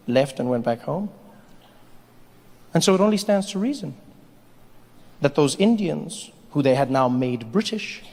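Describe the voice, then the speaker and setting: A male stand-up comedian telling an animated, playful story to a live audience on a large theater stage. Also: on the high side, long reverb tail. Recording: live theater, crowd laughter.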